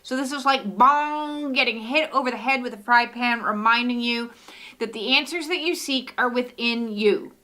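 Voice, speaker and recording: A woman's voice: on the high side, moderate pace, sharp tone. A middle-aged woman hosting a live oracle card reading from her home studio, talking in a soothing way with lots of "uh" fillers.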